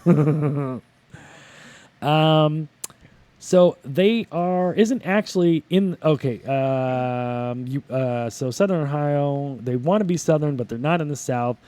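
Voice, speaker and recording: A man's voice: a little high, takes it slowly, dark tone, no echo. A man co-hosting a casual podcast, rambling and crude, joking and restarting his sentences. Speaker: podcast co-host.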